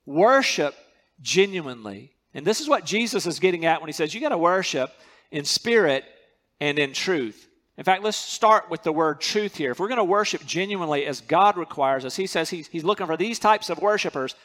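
A man's voice: on the high side, animated, a little fast, fairly bright tone. A man preaching a sermon as pastor, earnest and emphatic, repeating key words to drive them home.

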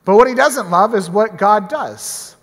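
A man reading scripture and explaining it in an animated, conversational way. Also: high-pitched, a little slow, long reverb tail. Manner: animated, conversational, with small restarts. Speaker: Bible teacher. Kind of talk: Bible reading and teaching.

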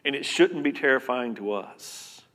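A man preaching a sermon as pastor, earnest and conversational, repeating words and swinging between loud and soft. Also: mid-range voice, lively intonation, moderate pace. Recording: long reverb of a hall.

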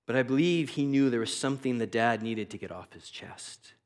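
A man's voice: mid-range voice, fairly quick. A man giving a devotional Bible teaching in an earnest, reflective and conversational way. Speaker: preacher.

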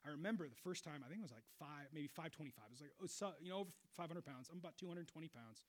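A middle-aged pastor preaches very fast and animated, swinging from loud exclamations to quiet, low stretches.

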